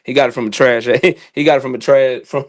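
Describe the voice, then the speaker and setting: A man's voice: mid-range voice, steady tone, fairly quick. A man calling into a boxing live stream on his phone, ranting heatedly and stammering over repeated words. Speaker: co-host calling in. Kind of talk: casual live-stream chat.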